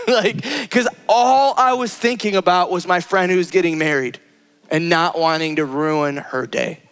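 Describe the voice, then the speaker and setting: A man's voice: normal speed, a bit bright, smooth. A man preaching a sermon as a personal story, earnest and conversational, acting out his own cries and the lines of people he met. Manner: acts out his own cries and quoted lines with rising pitch. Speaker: pastor.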